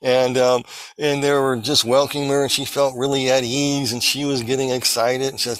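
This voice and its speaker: A man earnestly recounting a vision as testimony, halting and restarting as he searches for words. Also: medium pitch, poor audio.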